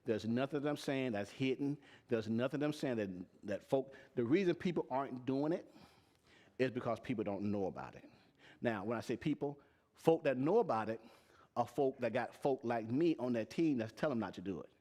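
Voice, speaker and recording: A man's voice: mid-range voice, expressive, a little fast, mellow. A man teaching tax and payroll to a live audience, plain-spoken and emphatic, often asking them questions. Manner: asks the audience repeated questions. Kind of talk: live-streamed teaching talk.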